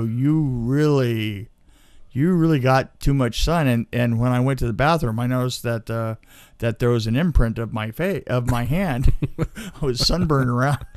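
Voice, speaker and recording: A man of ordinary pitch tells a rambling personal story, chuckling as he goes and often restarting his sentences. The sound is dry and close, with no room around it. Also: a little mellow, no room sound. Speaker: storyteller guest. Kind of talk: casual anecdote.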